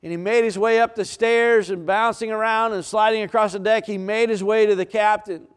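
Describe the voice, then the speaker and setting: Delivering his sermon with fairly even intonation, this pastor has a smooth, resonant voice that sits fairly high. Repetition and dramatic pauses drive his points, though he sometimes uses fillers and restarts.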